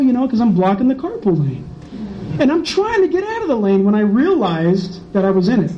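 A man's voice: high voice, brisk. A middle-aged man, preaching a sermon full of personal stories, acting out voices as he goes. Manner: animated storyteller, acts out voices and laughs. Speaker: pastor. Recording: slightly dull, faint background noise.

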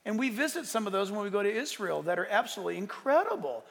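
A man pastor delivering a sermon in a church, animated, bursting into shouted emphasis. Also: high voice, fast talker, creaky, hardly any pauses, long reverb tail.

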